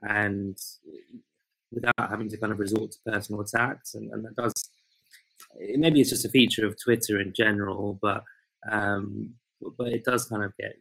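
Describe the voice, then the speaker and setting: Gravelly, husky man, hesitant and thoughtful. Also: lowish voice, flat delivery, normal speed, fairly bright tone, no room sound, rough recording. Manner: hesitant, repeats words, thoughtful. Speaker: podcast co-host. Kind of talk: casual chat.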